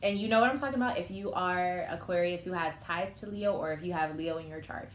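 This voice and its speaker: A woman's voice: fairly low pitch, quick pace. Young female tarot reader, chatty and emotional, in an echoey room with faint ambient noise. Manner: emotional, chatty, thinking aloud. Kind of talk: casual tarot reading.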